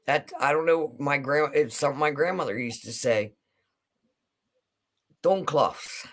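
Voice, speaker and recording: A woman's voice: very deep voice, a little fast. A woman in casual chat, telling stories about her grandmother and imitating her phrasing.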